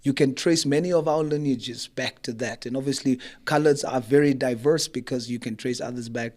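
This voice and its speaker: A man's voice: mid-range voice, steady tone, fairly quick, a little mellow. A man with a South African accent, a mayor being interviewed on a podcast, who speaks emphatically and repeats his main points. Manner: emphatic, speech-like. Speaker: mayor and politician. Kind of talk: interview guest.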